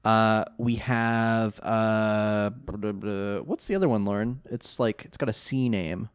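A man's voice: lowish voice, measured pace, clean tone. A man co-hosting a podcast, chatting casually and rambling through a cartoon recap, laughing often and swearing freely. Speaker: podcast co-host.

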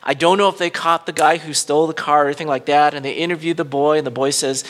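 A man's voice: steady tone, quick pace, hardly any pauses, fairly bright tone. A male pastor giving an informal, conversational sermon, thinking aloud and correcting himself as he goes. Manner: rises in pitch and volume when retelling dramatic scenes.

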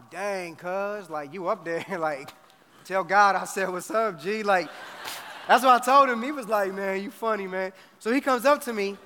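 A middle-aged man preaching a storytelling sermon, animated and slangy, acting out both sides of a conversation. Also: fairly high pitch. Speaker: pastor. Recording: faint noise, long hall reverb.

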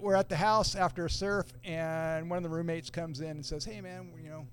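A middle-aged man telling a long story in a relaxed, casual way, using surfer slang and acting out other people's quoted lines. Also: a little high, brisk, few pauses. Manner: laid-back surfer talk, acts out quoted voices. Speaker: podcast guest.

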